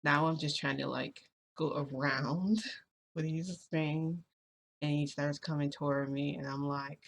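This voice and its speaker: A woman's voice: deep voice, fairly even intonation, measured pace. A woman vlogger telling a personal story in casual chat, rambling with lots of fillers and restarts.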